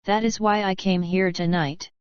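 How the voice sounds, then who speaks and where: A woman's voice: mid-range voice, fairly even intonation, normal speed, clean tone, dry recording, muffled recording, natural voice. A woman reading the part of Kurt, a scornful young foreign man who whispers urgent warnings, in an audiobook.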